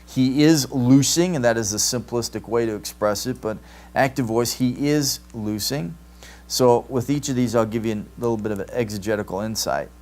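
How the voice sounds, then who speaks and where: A man's voice: mid-range voice, normal speed, a little mellow. A man teaching a Greek grammar class, explaining patiently and checking in with "right?" often. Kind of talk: classroom lecture. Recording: live stream capture.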